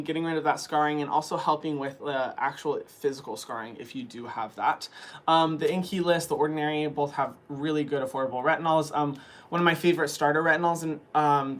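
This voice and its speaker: Chatty young man, slightly high voice. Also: fairly bright tone. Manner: chatty, frequent fillers like "um" and "like". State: early morning voice. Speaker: skin care channel host answering viewer questions. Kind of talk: casual chat.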